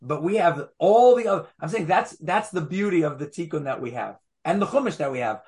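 Lecturing a study group, a Torah teacher explains his material at an easy pace yet sounds brisk, expressive and a little mellow, with a voice a touch high. Patient and fond of asides, he returns to his points and restates them in repeated phrases.

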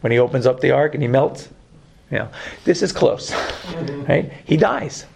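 A man with a Brooklyn accent teaching a Torah class, lively, joking and putting questions to his students. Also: medium pitch, moderate pace, vocal fry, a little hiss or hum.

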